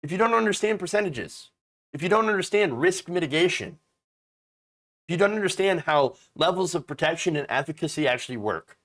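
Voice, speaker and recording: A man's voice: on the high side, expressive, fairly quick, a bit bright. A man hosting a political commentary show, ranting in a profane, exasperated and mocking way.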